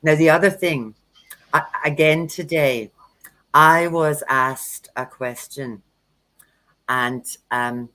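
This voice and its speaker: A woman, a tarot reader and workshop host, tells frank tarot stories in a casual livestream chat, acting out quotes. Her low voice is slow, pushed and bright, with long pauses. The recording quality is low.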